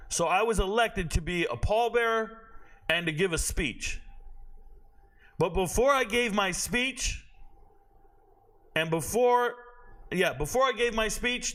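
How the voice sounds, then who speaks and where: Bright, high-voiced blunt man ranting. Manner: blunt, profane, rambling into tangents. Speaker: sports commentator and show host. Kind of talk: casual opinionated rant.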